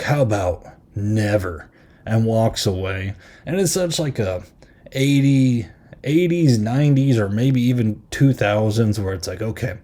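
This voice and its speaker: Man, low voice, warm mellow tone, casual podcast host, filler-heavy rambling recap. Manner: easily amused, retells scenes with quick half-acted quotes. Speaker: podcast host reviewing a horror film. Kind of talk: casual chat.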